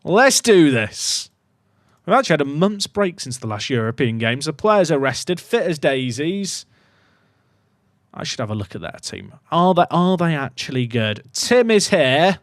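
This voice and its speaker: Guy talking to chat over his game, bit high, pitch all over, dry close sound. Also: a little slow, no room sound. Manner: excitable, swings from muttering to shouting. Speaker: gaming YouTuber. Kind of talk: casual gameplay commentary to live chat.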